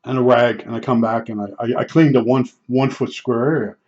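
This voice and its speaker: Older man, mid pitch, rambling blunt storyteller; dull lo-fi audio. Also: steady tone, a little fast, darkish tone. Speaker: vlogger. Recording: dull lo-fi sound.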